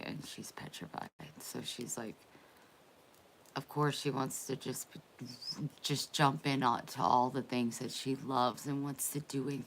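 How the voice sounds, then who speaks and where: Woman vlogger, low voice, unhurried, emotional and hesitant, faint room hum behind. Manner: emotional, quiet, hesitant, with restarts. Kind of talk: emotional personal talk.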